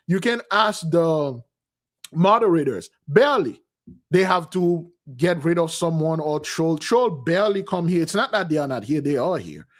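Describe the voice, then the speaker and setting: A man preaching a livestream sermon to his online community in a slightly raised voice. He talks loosely and conversationally, repeating himself and calling his listeners "beloved", and swings between loud bursts and quiet asides. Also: on the high side. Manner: repetitive, calls listeners "beloved". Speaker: spiritual teacher leading a community fast.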